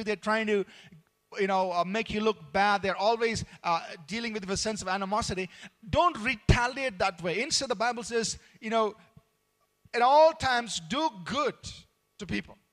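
A man's voice: sits high, moderate pace, a bit bright. A man preaching in a conversational, earnest way, with frequent fillers and restarts. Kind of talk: sermon on workplace conduct.

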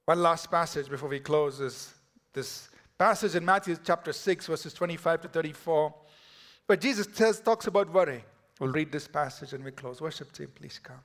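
Guy preaching a sermon, bit high voiced, goes loud then whispery. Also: normal speed. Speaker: pastor.

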